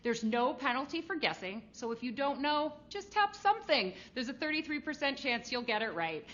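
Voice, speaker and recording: Bubbly high-voiced game show host woman. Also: normal speed, dull audio. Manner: bubbly, animated, playful with jokes. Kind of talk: upbeat scripted game show hosting.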